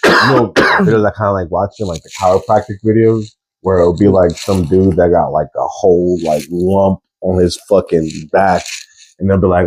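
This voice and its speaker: A man's voice: low voice, fairly even intonation, normal speed, husky. A young man co-hosting a podcast, telling rambling, filler-heavy stories in casual chat. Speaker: podcast co-host.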